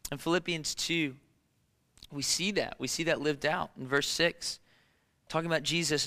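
Male preacher, sermon, dramatic storytelling, high pitch, bright tone. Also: normal speed. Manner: dramatic storytelling, swinging from hushed to emphatic. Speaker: pastor.

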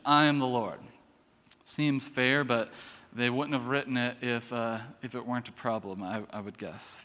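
A man preaching in a church, his fairly high voice smooth and resonant. He drifts between reading scripture and chatty asides, often restarting his sentences. The hall rings with long reverb. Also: sharp tone. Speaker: pastor. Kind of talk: sermon.

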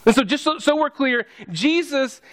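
A pastor's sermon comes through in a very high-pitched, fairly bright voice at a moderate pace. He talks to his congregation conversationally, dropping in jokey asides.

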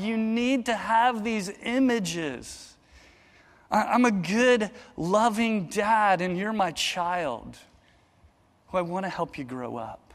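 A man in his thirties preaching a sermon as a pastor, earnest, often repeating words as he starts, moving between loud and hushed. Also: high voice. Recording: long hall reverb.

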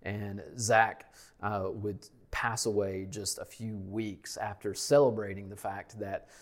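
Preaching slowly in a lowish voice with little pitch movement, this male pastor delivers an emphatic sermon. Key lines get repeated, and his phrases fade to a hush at the end.

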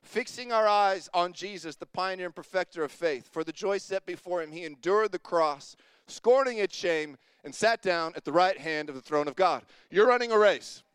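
A man preaching a sermon as a pastor, energetic and calling out to the congregation. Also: high-pitched, moderate pace, smooth, dry recording.

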